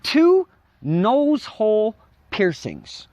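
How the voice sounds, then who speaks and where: A man hosting a casual interview, stammering and giggly, quick to apologize and laugh at himself. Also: sits high, huge pitch swings, darkish tone. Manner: stammering, giggly, self-deprecating. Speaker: interview host.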